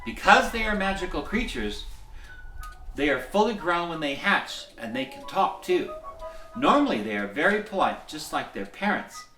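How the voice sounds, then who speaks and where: Man reading a bedtime story in an echoey room. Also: on the high side. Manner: gentle, chuckling, folksy. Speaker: storyteller playing Santa. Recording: echoey room, mic at a distance, soft music.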